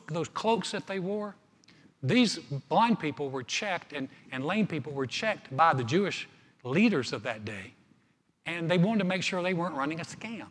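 Husky preacher in an echoing church. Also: male voice, on the high side. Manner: animated storytelling with repeated words. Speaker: pastor. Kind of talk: sermon.

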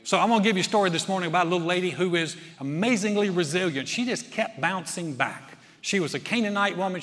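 A male pastor delivers a sermon with a fairly high voice, pushing hard on key lines and then easing back to near hushed tones. The room rings with a long, lingering reverb. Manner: dynamic preaching, surges loud then drops soft.

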